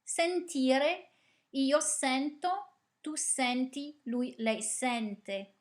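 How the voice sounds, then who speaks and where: A female language teacher, calmly reciting verb conjugations and explaining grammar, asking the class questions and praising them. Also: sits high, extremely slow. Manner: repeats drills patiently, asks the class questions and praises. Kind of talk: slow, clear conjugation drill with explanations.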